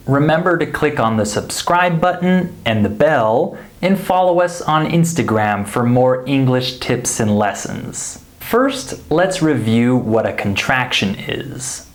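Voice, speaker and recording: Male teacher, unhurried, clear modeling of phrases for learners. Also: mid-range voice. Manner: slow, deliberate, models example sentences clearly. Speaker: English pronunciation teacher. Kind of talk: scripted pronunciation lesson.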